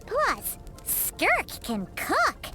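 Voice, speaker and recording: An actress voicing a tiny, excitable floating girl companion who talks bubbly and squealing and calls herself by name. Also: extremely high pitch, extremely slow, soft background music, exaggerated voice. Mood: chirpy.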